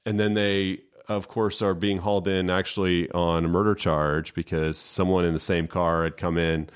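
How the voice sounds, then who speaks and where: A man co-hosting a podcast, talking casually with lots of pauses and fillers. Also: low-pitched, little pitch movement, clean tone. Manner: halting, many fillers and restarts. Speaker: podcast co-host, lawyer. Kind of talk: casual chat.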